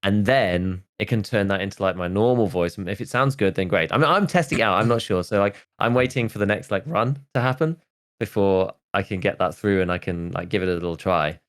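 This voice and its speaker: A podcast host in his thirties talks in a very low, deep voice. He rambles through casual chat, stacking "like" and half-finished starts as he works his way to a point. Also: a little fast. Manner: rambling, full of "like" and restarts.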